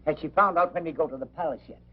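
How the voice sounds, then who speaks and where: An actor playing a quarrelsome older male pub owner with a raspy, gravelly voice. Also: fairly high pitch, racing. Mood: grumbling. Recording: dull old film soundtrack.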